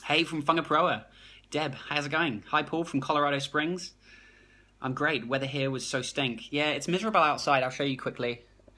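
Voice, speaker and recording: A man with a New Zealand accent, talking fast and excitedly on a phone live stream, reading out comments and restarting his sentences. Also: a little high. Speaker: productivity blogger hosting a live stream.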